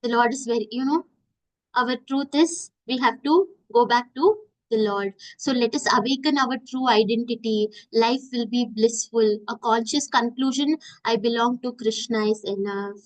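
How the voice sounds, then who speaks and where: A woman's voice: a little high, moderate pace, poor audio. A woman teaching a devotional class, telling stories and asking her students questions. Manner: animated storytelling, asks the class questions.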